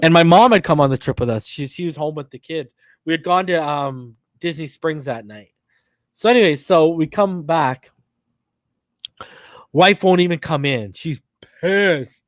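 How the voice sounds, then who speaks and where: A man in his thirties telling a long personal story on a podcast, animated and slangy with plenty of swearing. His voice sits a bit high for a man. The recording is dry and close, with no room sound. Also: measured pace, dry recording. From northern US. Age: 30s. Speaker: podcast host. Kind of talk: casual storytelling.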